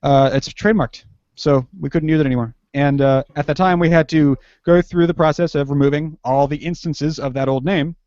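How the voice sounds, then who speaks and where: A man's voice: medium pitch, a little mellow, no echo. Man, young adult, podcast guest, casual chat, rambling, laughs a lot, dry close sound. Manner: rambling, self-interrupting, laughs often. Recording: dull lo-fi recording.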